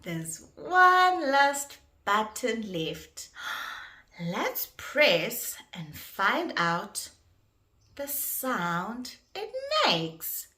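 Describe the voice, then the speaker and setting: A woman teaching toddlers in a slow, exaggerated, sing-song way, gasping and making animal sounds. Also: a little high, very animated, bright, forceful tone. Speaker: children's educator. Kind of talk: toddler learning video.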